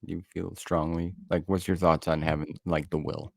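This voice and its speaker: A podcast co-host with a very deep, low-pitched voice. He talks in an earnest, rambling way. The recording is close, with no room sound. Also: flat delivery, moderate pace, vocal fry, a little mellow, dry recording. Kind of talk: casual chat.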